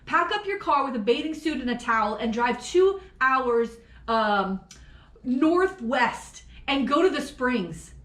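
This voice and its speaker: A woman from Florida co-hosting a casual true-crime podcast, swearing freely and laughing through animated storytelling. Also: sits high, measured pace, echoey room. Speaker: podcast co-host.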